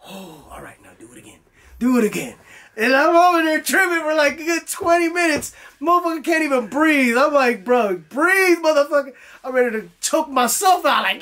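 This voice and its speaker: A man's voice: very high-pitched, moderate pace, a bit bright. A young man telling a story in a loose, profane style, acting out his own voice as he goes. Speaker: guest. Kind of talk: casual storytelling.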